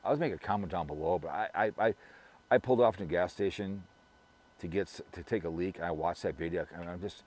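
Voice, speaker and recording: Talking quickly in a low, darkish voice, a middle-aged Minnesotan vlogger chats with viewers in a loose, rambling monologue. He gossips freely and keeps restarting and repeating words.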